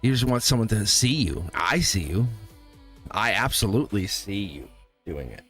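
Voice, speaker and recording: Animated man reading tarot live. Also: fairly low pitch, moderate pace, faint music behind. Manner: animated, talks straight to viewers, laughs often. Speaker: tarot reader and live stream host.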